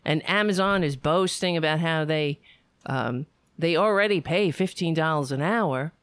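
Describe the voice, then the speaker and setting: A woman's voice: low voice, expressive, normal speed, no echo. A woman hosting her own show, ranting sarcastically and rambling through thanks to her supporters. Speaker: show host. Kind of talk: ranting livestream monologue.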